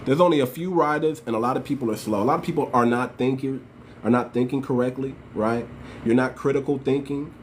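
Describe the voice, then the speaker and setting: A medium-pitched American man talks fairly fast on his own channel, with a little hiss or hum audible. He addresses viewers head-on with passionate, emphatic political commentary, peppered with slang and repeated points.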